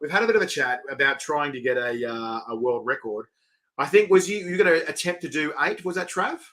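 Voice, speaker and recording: A middle-aged Australian man hosting a casual live-stream interview, rambling excitably and reading viewer comments aloud. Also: a little high, fast talker. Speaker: host.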